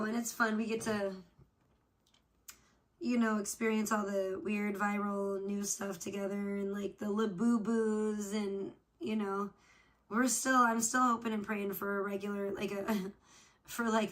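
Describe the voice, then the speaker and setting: A woman's voice: medium pitch, little pitch movement, a little slow. A woman hosting a casual livestream chat off camera, rambling to her viewers, swearing freely and trailing off with "I don't know.". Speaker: livestream host. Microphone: off camera, not seen.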